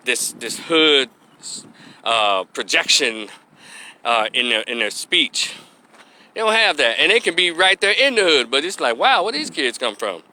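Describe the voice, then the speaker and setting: A man's voice: on the high side, pushed and bright. A man from gives blunt, preachy opinion commentary, folksy and salty-mouthed. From Memphis, Tennessee, US. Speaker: opinion vlogger, social worker.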